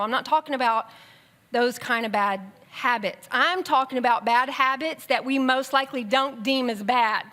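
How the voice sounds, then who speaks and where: A woman preaching a sermon in a conversational, animated way, with quick bursts and asides. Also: fairly high pitch. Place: church sanctuary.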